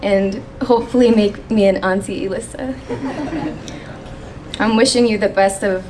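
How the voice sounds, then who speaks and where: Young woman reading her maid of honor speech off her phone, gets choked up, bit of room noise, mid pitch. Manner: emotional, pausing to steady herself. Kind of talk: wedding toast read from a phone. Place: wedding reception hall.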